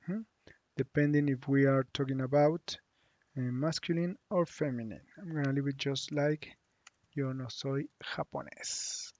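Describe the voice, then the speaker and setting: A man from Mexico, teaching a lesson online and saying the model phrases slowly so learners can repeat them. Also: medium pitch, a little mellow, no room sound, muffled recording. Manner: slow, drawn-out model phrases for repeating aloud. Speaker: Spanish teacher.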